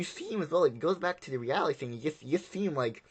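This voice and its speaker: A man's voice: fairly high pitch, expressive, very fast, slightly rough. A man giving a casual, rambling spoken review of a film, often repeating himself.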